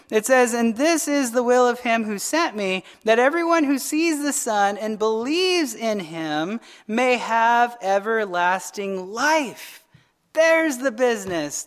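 A woman with a slightly higher voice teaches a midweek Bible study. She talks conversationally, checks in with "right?" and often restarts her phrases as she goes through scripture.

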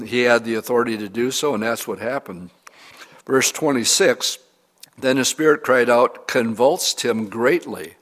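Guy preaching, earnest and expressive, medium voice, big echoey hall sound. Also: medium pitch. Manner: earnest, expressive reading of scripture with pauses. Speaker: pastor. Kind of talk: sermon. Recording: long hall reverb.

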